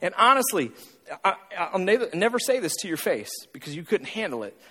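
A man with a high, very lively voice preaching to his congregation, hammering his point home through repetition and pointed questions. His voice rings out with a long reverb, as if he were in a large hall. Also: brisk. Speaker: pastor. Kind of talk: sermon.

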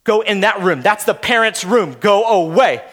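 A man's voice: high voice, lively intonation, normal speed, a bit bright, in a large hall. A man acting out his bossy, independent four-year-old daughter who insists on doing things herself. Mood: insistent. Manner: insistent, shooing dad away.

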